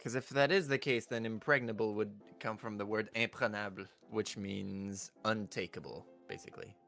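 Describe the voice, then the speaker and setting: A man's voice: fairly low pitch, fairly even intonation, normal speed, vocal fry, fairly bright tone, faint music behind. A man musing aloud and cracking crude jokes in a casual chat with friends. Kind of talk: casual banter.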